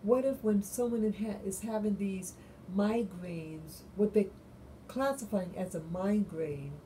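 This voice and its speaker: A woman vlogger talking alone late at night in a halting, musing way, often stopping and restarting her sentences. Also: medium pitch, mellow, slight background noise, rough recording. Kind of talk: late-night solo monologue.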